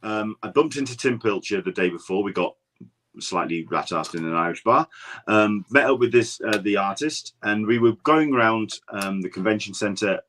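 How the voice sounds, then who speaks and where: A man's voice: on the low side, animated, normal speed, fairly bright tone. An English man, a guest podcaster, telling stories in casual chat, rambling with frequent restarts. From England. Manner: rambling anecdotal storyteller, many restarts.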